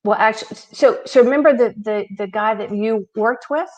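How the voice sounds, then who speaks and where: A woman's voice: a little high, normal speed, dull audio. A woman guest telling her charity's story in a conversational interview, acting out the lines of people she quotes. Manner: animated anecdotes, acting out quoted dialogue.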